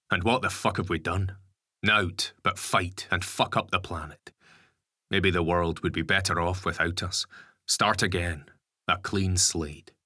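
A man's voice: deep voice, pushed and bright, dry recording, studio quality, heavily acted. A man voicing a blunt, sardonic ex-convict father in an audiobook. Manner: gruff, swears casually. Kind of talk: audiobook character voice.

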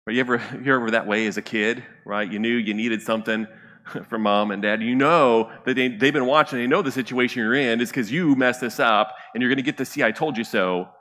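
Bright-voiced pastor preaching in a reverberant hall. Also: male voice, medium pitch, fairly even intonation, a little fast. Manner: conversational, asks the congregation "right?" often. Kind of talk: sermon. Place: church sanctuary.

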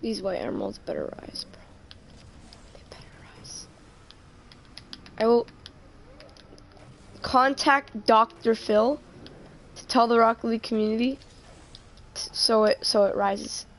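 A woman's voice: fairly high pitch, sing-song, a little slow, long pauses. A woman streaming a game live, chatting casually and joking, often trailing off mid-sentence.

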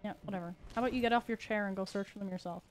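A woman's voice: mid-range voice, racing, soft background music. A Canadian woman streaming a video game, chatting playfully and teasing, her voice run through a modifier. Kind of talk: casual gameplay commentary.

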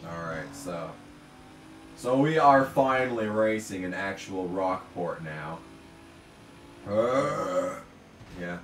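A male gamer talks through his race in a mid-range voice, grumbling and cursing, and flares up into shouting at rivals. He sits back from the mic in a roomy, echoing space, with faint ambience behind him. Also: deep voice, expressive, slow, pauses often, far from the mic, background noise. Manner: profane, ranting, bursts into shouts at the game. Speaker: gamer commentating his own play. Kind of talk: let's play commentary.

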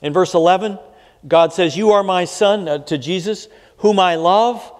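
A man pastor preaching a sermon in a measured way, pausing with fillers and reading scripture aloud. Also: high-pitched, in a large hall.

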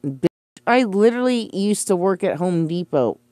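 A woman's voice: fairly low pitch, lively intonation, moderate pace, dark tone, no echo. A young woman ranting about accusations made against her, profane, defensive and sarcastic, with scoffing laughs. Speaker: streamer responding to accusations. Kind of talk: casual ranting monologue.

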